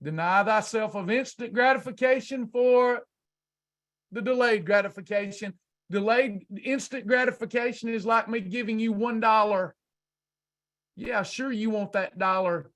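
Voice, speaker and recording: A man's voice: sits high, a little slow, fairly bright tone. A man coaching a class on weight loss in an emphatic, preacher-like motivational speech full of rhetorical questions.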